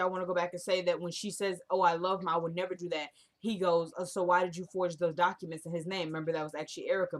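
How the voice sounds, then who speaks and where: A young woman casually recapping a TV episode, chatty and animated, acting out the scenes as she retells them. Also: lowish voice. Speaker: TV episode reviewer.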